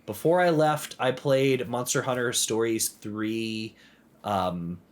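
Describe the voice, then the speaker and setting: A man co-hosting a podcast, telling gaming stories in an animated way, full of "like" fillers. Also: mid-range voice, takes it slowly. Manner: animated storytelling with many "like" fillers. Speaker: podcast co-host. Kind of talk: casual chat.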